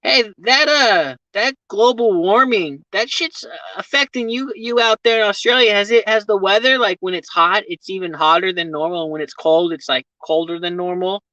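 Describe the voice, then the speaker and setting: A man's voice: high voice, normal speed, hardly any pauses, sharp tone, no echo. A man chatting with viewers on a casual live stream, rambling, swearing freely and laughing often, talking from his vehicle. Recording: dull lo-fi stream audio.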